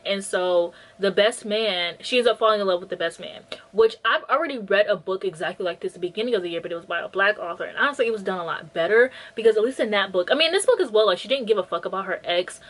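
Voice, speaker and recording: A woman's voice: medium pitch, fast, few pauses, fairly bright tone, low-quality recording. A woman chatting casually about books she read, retelling plots bluntly with lots of filler words and mock quotes of the characters. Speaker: book vlogger. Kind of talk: casual chat, book review.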